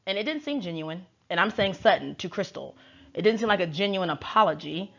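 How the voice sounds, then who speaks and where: A woman's voice: on the low side, expressive, a little fast, creaky, fairly bright tone. A woman tarot reader recapping in a chatty, slangy and wry casual way. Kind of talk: casual chat. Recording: dull lo-fi recording.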